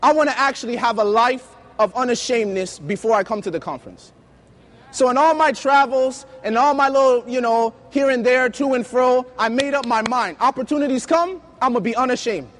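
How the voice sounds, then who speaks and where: A man preaching a sermon, telling lively personal stories and acting out the dialogue. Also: very high-pitched, fairly quick. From United States. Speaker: youth preacher.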